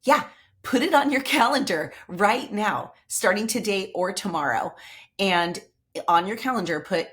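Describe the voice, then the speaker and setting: A woman's voice: medium pitch, animated, a little slow, a bit bright. A woman hosting a motivational podcast, telling stories in an enthusiastic, chatty way. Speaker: podcast host. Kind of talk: upbeat motivational podcast talk.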